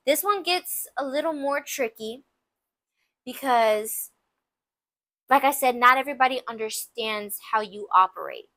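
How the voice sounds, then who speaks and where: A young woman talks straight to her listeners on a casual advice podcast, with a voice pitched slightly high. She's candid and emphatic and scatters "like" through her sentences. Playful asides keep it loose and personal. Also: lively intonation, unhurried, bright, forceful tone, no echo. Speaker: podcast host.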